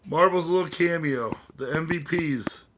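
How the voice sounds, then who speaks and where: A man's voice: on the high side, a little slow, noisy background. A man hosting a casual live stream, rambling and swearing while chatting with viewers, a bit tipsy from drinking. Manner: rambling, profane, talks to chat and his cats. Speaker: livestream host.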